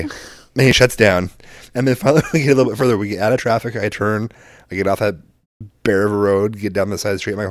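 A man's voice: fast, dry recording, clean studio sound. A man co-hosting a casual podcast, telling a story with lots of swearing and acting out quoted exchanges. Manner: animated, swearing, acts out quoted exchanges with big pitch jumps. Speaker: podcast co-host.

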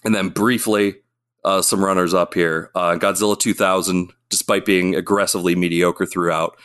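Lowish voiced guy rambling excitedly on a podcast, acts out quotes. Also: normal speed, smooth. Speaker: podcast co-host. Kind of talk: casual chat.

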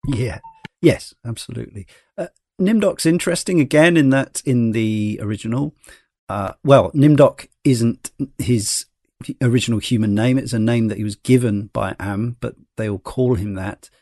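A man explains and agrees in easy podcast talk. His voice is of ordinary pitch and recorded dry. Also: moderate pace, dark tone, no echo. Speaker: podcast co-host. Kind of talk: casual chat.

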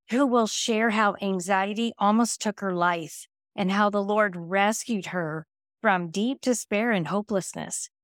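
A woman's voice: medium pitch, dry recording. Woman podcast host, upbeat welcome, dry close mic. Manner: warm, enthusiastic welcoming. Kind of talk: casual chat.

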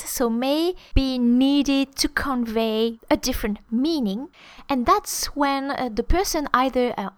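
A woman with a fairly high voice explains intonation in an easygoing, conversational way, stopping for fillers and restarts. Her recording is dry and close, with almost no room sound. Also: a bit bright, no echo. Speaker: French teacher. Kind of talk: explaining French intonation to learners.

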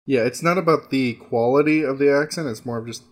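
Thoughtful man, halting casual chat. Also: medium pitch. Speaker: podcast co-host.

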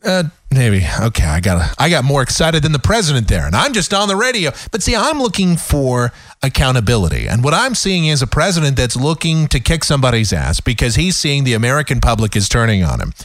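A man's voice: mid-range voice, very animated, fairly quick, a bit bright, no room sound, clean studio sound. A man hosting a talk radio show, ranting sarcastically in an opinionated monologue. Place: radio studio.

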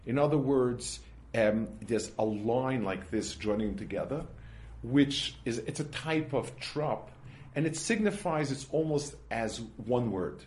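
A man's voice: medium pitch, a little mellow. A man teaching a religious text class, explaining step by step with everyday examples and often restarting his sentences. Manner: halting, with frequent restarts and worked examples. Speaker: Torah teacher.

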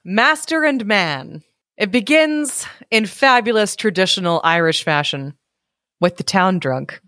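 A woman's voice: medium pitch, animated, measured pace, a bit bright, no echo, studio quality. A woman co-hosting a podcast who reads an old folk tale aloud, giggling and breaking off for asides. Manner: giggly, adds asides while she reads. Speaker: podcast co-host reading folk tales. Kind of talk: casual chat and reading aloud.

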